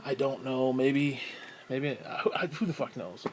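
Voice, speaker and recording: A man's voice: medium pitch, steady tone, measured pace, darkish tone, a little hiss or hum. A young man rambling through a casual, profane vlog monologue, often breaking into laughs and sighs. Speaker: vlogger.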